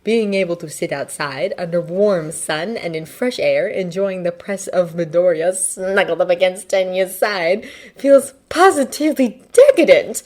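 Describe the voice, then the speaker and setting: A woman narrating a fanfiction audiobook with an expressive, lively reading. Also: fairly low pitch, a little slow. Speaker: fanfiction reader.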